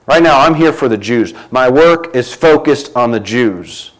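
A man preaching a sermon, reading scripture aloud and swinging between loud emphatic lines and quiet low ones. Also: lively intonation, measured pace, low-quality recording.

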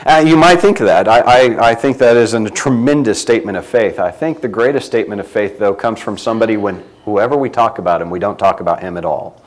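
A man preaching a sermon, reading scripture aloud and swinging between loud emphatic lines and quiet low ones. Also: brisk, hardly any pauses, poor audio.

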